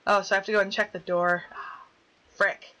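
A young woman with a bright, forceful voice narrates her horror game run, joking and then squealing "go away" whenever something startles her. Her voice is tense and sharp at the top, and her pitch sits right in the middle. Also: level tone, racing, low-quality recording. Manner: jokey, easily spooked, yelps at scares. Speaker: let's play gamer. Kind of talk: casual game commentary, reading dialogue aloud.

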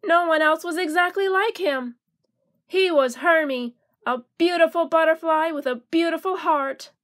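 A woman reading a children's storybook aloud in a slow, gentle, expressive way. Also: extremely high pitch.

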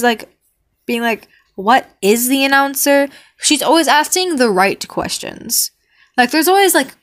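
A woman's voice: a little high, a bit bright. A woman talking casually and meandering through her opinions, trailing off into hums and ums, sometimes bursting into mock outrage. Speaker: vlogger ranking cartoon characters. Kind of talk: casual rambling commentary.

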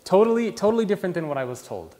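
A young man with a fairly high voice tells his story as an interview guest, lively and animated. His words ring out with a long reverb from the room around him. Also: rapid-fire. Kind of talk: conversational storytelling.

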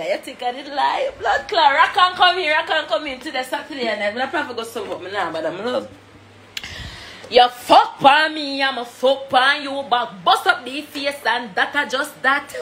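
A woman's voice: sits high, very animated, normal speed, sharp tone. A young adult woman with a Jamaican accent, mocking and laughing in a sing-song live-stream rant. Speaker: social media personality. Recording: echoey room with faint noise.

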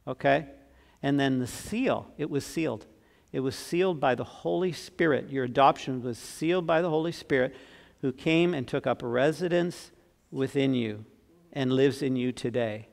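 A man in his sixties preaching a sermon as pastor, earnest, swinging from emphatic to soft and tender. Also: medium pitch, creaky. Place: church sanctuary. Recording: long church reverb.

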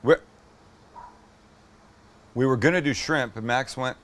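Speaking at a measured pace in a somewhat bright, mid-range voice, this middle-aged cooking show host runs a laid-back demo. He's enthusiastic, curses while sampling his dish and addresses the camera between bites.

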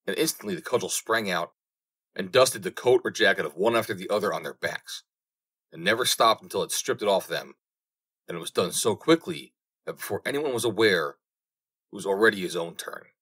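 Low-voiced male storybook narrator. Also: animated, a bit bright. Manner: measured storytelling. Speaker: audiobook narrator. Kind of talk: fairy tale audiobook reading.

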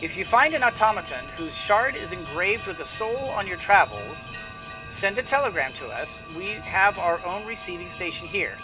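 A devout, quietly menacing nun speaks with calm, portentous certainty, as a man puts her on. The voice lifts high and sounds a little distant from the mic. Music plays clearly underneath. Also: moderate pace.

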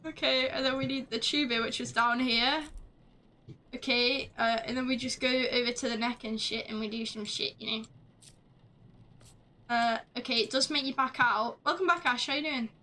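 A woman streaming a game live, chatting along as she plays, swearing freely and shouting at the screen. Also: fairly high pitch, slight background noise. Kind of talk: live gameplay commentary.

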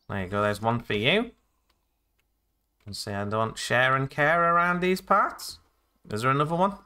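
Male let's-player; joking, exclamatory, lively pitch swings, bright tone. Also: a little hiss or hum. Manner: jokey, rambling, exclamatory asides. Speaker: gaming let's-play host. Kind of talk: casual gameplay commentary.

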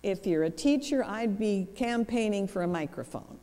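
A woman giving a seminar talk in a lowered, even professional voice, explaining with wry humor into a microphone. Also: moderate pace. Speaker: seminar speaker. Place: church hall. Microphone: handheld or lapel microphone. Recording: reverberant church hall.

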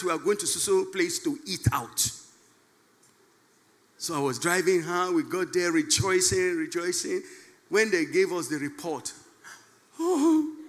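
A Nigerian man preaching in church as pastor, moving from soft storytelling to shouted, chanted prayer. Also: high voice, in a large hall. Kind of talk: sermon. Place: church service.

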